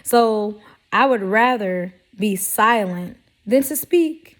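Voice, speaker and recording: Woman vlogger, mid pitch, blunt and sassy, casual advice talk. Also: slow pace. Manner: sassy, blunt, animated with mock quotes. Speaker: vlogger giving life advice. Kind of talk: casual direct-to-camera talk.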